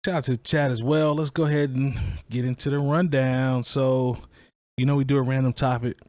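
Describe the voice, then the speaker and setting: A man's voice: medium pitch, level tone, fairly quick, darkish tone, dry recording. A man hosting a casual podcast, chatting in an opinionated, conversational way with plenty of restarts. His voice sits in an ordinary middle range. The sound is dry and close, with no room around it. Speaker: podcast host. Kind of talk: casual chat.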